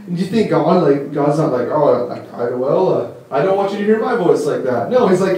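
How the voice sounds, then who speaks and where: Excited young man preaching in echoey hall. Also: high-pitched, normal speed, hardly any pauses, distant mic, a little hiss or hum. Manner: rambling, filler-heavy, enthusiastic storytelling. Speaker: conference speaker. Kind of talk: casual sermon teaching. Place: church hall.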